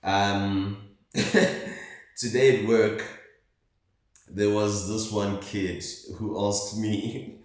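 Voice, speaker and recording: Man from South Africa, low voice, unhurried earnest ramble; recorded roomy and distant. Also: flat delivery, darkish tone. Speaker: vlogger. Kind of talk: casual monologue to camera. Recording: very echoey, far from the mic.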